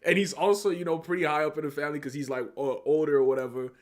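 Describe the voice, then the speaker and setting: A man's voice: fairly high pitch, fairly even intonation, rapid-fire. A man co-hosting a podcast, talking about a film in a laid-back, rambling way full of fillers. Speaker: podcast co-host. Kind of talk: casual chat.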